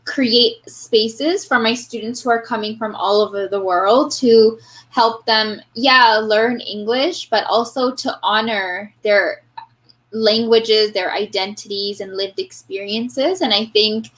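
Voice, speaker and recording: A woman's voice: a little high, slow pace, a bit bright, low-quality recording. A woman teacher with a Canadian accent, speaking earnestly in an interview, thinking aloud with frequent fillers and restarts. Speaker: guest, elementary teacher. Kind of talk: reflective interview talk.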